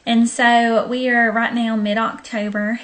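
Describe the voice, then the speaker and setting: A woman's voice: fairly high pitch, flat delivery, measured pace, a bit bright. A young woman with a Southern accent from Arkansas, telling a story to her viewers in a chatty, casual way with lots of ums, late at night. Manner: chatty, many ums, friendly direct address. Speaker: vlogger.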